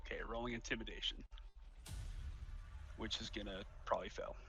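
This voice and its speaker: A man's voice: on the low side, steady tone, brisk, bright, forceful tone, husky, soft background music, rough recording. A man playing a tabletop game, speaking casually and laughing often with the group. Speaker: player.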